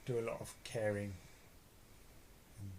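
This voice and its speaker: A man's voice: lowish voice, level tone, unhurried, darkish tone, slight background noise, low-quality recording. A man with a London accent chatting casually as a vlog co-host, rambling with many fillers. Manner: rambling, hesitant, filler-heavy. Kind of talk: casual chat.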